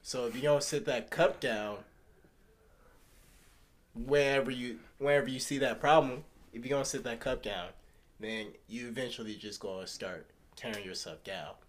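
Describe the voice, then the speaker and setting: A man's voice: medium pitch, moderate pace. A man co-hosting a podcast, chatting casually and retelling an anecdote to give advice. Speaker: podcast co-host. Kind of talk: casual chat.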